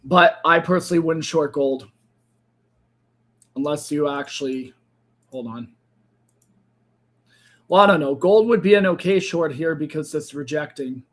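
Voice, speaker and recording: A man with a fairly high voice hosts a live trading stream at his desk. He talks through the charts in loose, casual commentary, often changing his mind mid-sentence. His voice sounds a little worn, as if he is losing it. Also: measured pace, long pauses. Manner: thinks aloud, second-guesses himself mid-sentence. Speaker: crypto trading livestream host.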